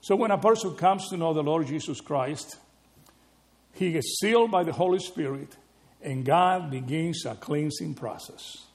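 A male pastor delivering a sermon in a slightly higher-pitched voice. He talks in a lively, conversational way and keeps checking in with his listeners through rhetorical questions. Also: measured pace. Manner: animated, rhetorical questions with frequent "right?".

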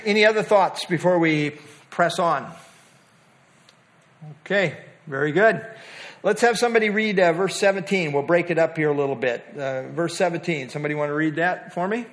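A man's voice: fairly high pitch, fairly bright tone. A man leading a Bible study, teaching in a conversational way with many fillers and questions to the group.

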